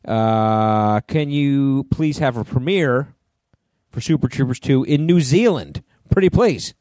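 Hoarse, chatty man. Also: mid-range voice, slow, a little mellow, no room sound, studio quality. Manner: chatty, reads listener questions. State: hoarse, clearing throat. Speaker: podcast co-host. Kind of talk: casual chat.

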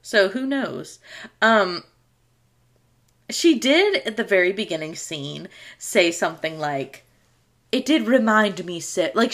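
A woman's voice: fairly low pitch, creaky, fairly bright tone. A woman co-hosting a podcast, chatting casually and recapping a sitcom episode, laughing often. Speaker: podcast co-host.

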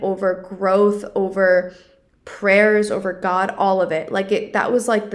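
A young woman hosting her own podcast, talking through a personal story in an earnest, confessional way, with lots of "like" fillers. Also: medium pitch. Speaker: podcast host. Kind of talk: personal reflective monologue.

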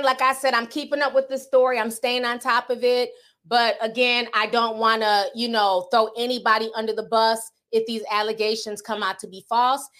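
A woman hosting a livestream podcast, chatting casually and reading super chats in a sassy, animated way. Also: fairly high pitch. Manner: sassy, animated, calls viewers sis and honey.

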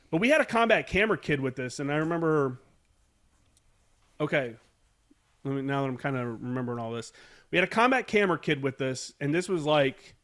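This Marine veteran from the United States is a guest on a podcast, recounting a war story in relaxed interview fashion. He speaks at medium pitch with a fairly bright tone, wandering off track, cursing, and correcting himself as memories return.

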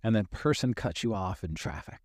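A man's voice: fairly low pitch, animated, brisk, no echo, clean studio sound. A man in his fifties hosting a motivational podcast, talking candidly and emphatically, swearing casually and repeating phrases for stress. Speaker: podcast host and life coach.

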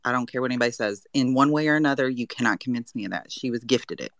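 A woman's voice: extremely low pitch, dry recording. Southern woman rattling off her hot takes one by one, dry close phone sound. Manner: brisk, counts points off one by one, emphatic. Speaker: caller in a live audio chat. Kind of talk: casual reality-show reaction.

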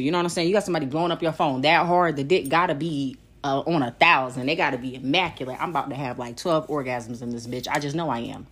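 Woman, 30s, podcast host, casual storytelling, blunt, profane, animated. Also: low-pitched, fast, few pauses.

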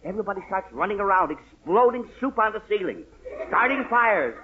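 A man's voice: high-pitched, sing-song, brisk, slight background noise. An actor playing an exasperated middle-aged father who lectures his household in a blustering, scolding way, in 1940s radio sitcom style. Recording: tinny 1940s radio broadcast recording.

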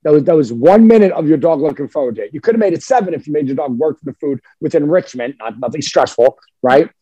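A man's voice: on the high side, fast, husky, no room sound, dull audio. A man who trains dogs, talking in a casual, emphatic way on a podcast and sometimes acting out what a dog thinks. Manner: emphatic, animated, acts out dog voices.

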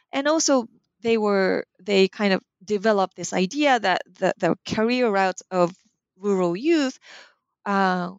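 A woman author answering interview questions in a measured, explanatory way, now and then correcting herself mid-word. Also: medium pitch, no room sound, dull audio.

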